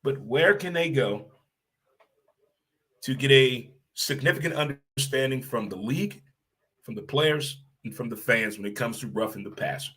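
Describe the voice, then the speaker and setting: A man delivers a solo podcast rant with blunt, emphatic energy. His voice sits at an ordinary middle pitch. He often repeats a phrase to hammer a point home, and he swears now and then. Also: normal speed, sharp tone, breathy edge. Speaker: podcast host.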